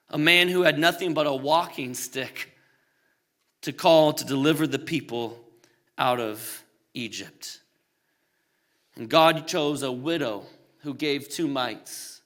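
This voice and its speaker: A man who is a pastor delivering a sermon, animated and humorous, swinging between loud emphatic peaks and quiet low passages. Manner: animated preaching with humorous asides.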